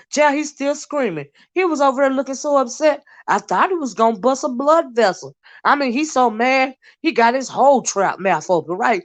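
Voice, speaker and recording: Chatty woman hosting a livestream. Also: on the high side. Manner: chatty, greets viewers by name, laughs often. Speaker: livestream host. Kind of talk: casual livestream chat.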